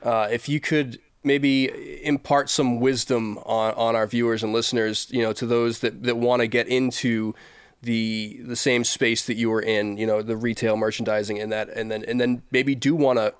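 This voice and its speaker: A man hosting a podcast interview, asking questions in a halting way with many fillers. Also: medium pitch, level tone, smooth, no room sound, clean studio sound. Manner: halting questions full of "you know".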